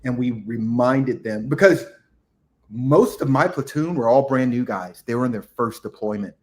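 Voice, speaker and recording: A middle-aged man, a retired military chief, telling a combat story as a podcast guest, acting out the shouted orders. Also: mid-range voice, normal speed. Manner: animated war storytelling, acts out shouted quotes. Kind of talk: casual storytelling interview.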